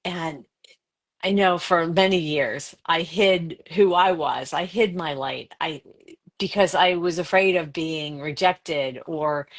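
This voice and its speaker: A woman author speaks as a guest over a video call. Her voice is fairly low, and she speaks slowly in a calm, earnest and gentle way. Her pace stays unhurried and reflective throughout. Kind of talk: reflective wellness talk.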